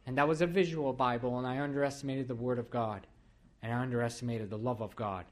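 A man from Iran delivers his testimony from the pulpit in an earnest, storytelling way. His voice sits at an ordinary middle pitch, and he leans into repeated, emphatic statements as the sermon builds. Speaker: preacher giving his testimony.

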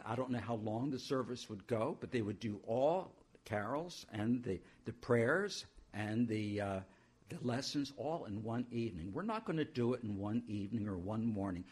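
A man's voice: mid-range voice, a little mellow, husky. A male pastor introducing a church service in a conversational way, with homely asides.

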